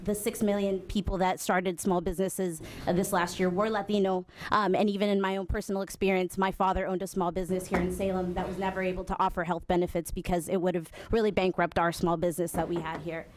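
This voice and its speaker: A woman represents an advocacy group at a legislative hearing. She speaks earnestly, pausing often on filler sounds. A faint background noise sits under her voice. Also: on the low side, flat delivery. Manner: earnest, many filler ums. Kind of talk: public testimony at a hearing.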